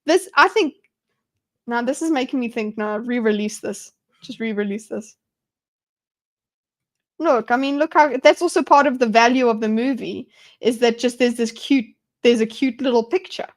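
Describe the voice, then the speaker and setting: High-voiced young woman rambling on a stream. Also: moderate pace. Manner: rambling and enthusiastic, many restarts. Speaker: streamer hosting a live discussion. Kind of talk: casual live-stream commentary.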